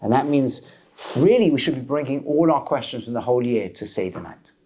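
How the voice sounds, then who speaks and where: A man teaching a lively class as a rabbi, questioning his students and mixing Hebrew terms into English. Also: medium pitch, fairly quick, crowd noise. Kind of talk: lively Torah class lecture.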